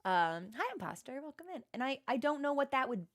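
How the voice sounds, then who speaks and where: A young woman talks casually to her stream chat with a slightly high voice. She rambles, second-guesses herself and restarts her sentences, self-deprecating throughout. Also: lively intonation, a little fast.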